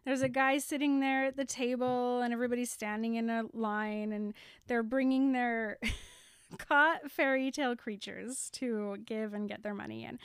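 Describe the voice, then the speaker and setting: Brief: young woman co-host, bright high voice, laughs a lot, dry close sound. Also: smooth, no echo. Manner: chatty, laughs often, frequent fillers. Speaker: podcast co-host. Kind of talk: casual chat.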